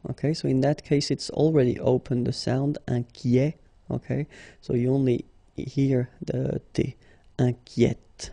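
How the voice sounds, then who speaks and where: French-accented man teaching a lesson, husky tone, dry close sound. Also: medium pitch, little pitch movement, dark tone, dry recording. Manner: patient and explanatory, slow and deliberate. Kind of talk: language lesson.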